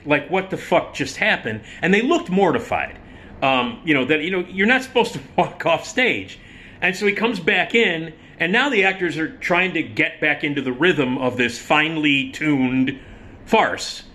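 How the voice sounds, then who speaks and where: Brief: man, slightly high voice, bright and forceful, swearing storyteller. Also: moderate pace. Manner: animated, profane, emphatic. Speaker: storyteller host. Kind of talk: casual storytelling.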